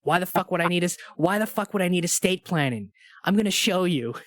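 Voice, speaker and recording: A man putting on a gruff, menacing male action-movie tough guy as he retells a film scene during a podcast chat. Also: high-pitched, lively intonation, fast talker, a bit bright, dry recording, clean studio sound. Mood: scornful.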